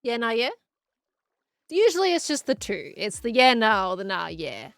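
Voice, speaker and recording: A woman's voice: fairly high pitch, sing-song, normal speed, fairly bright tone, dry recording. An Australian woman chatting casually while streaming a game and answering chat, with faint music behind her.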